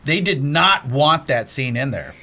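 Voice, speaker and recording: Animated man retelling movie scenes. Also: medium pitch, measured pace. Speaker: podcast co-host. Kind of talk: casual chat.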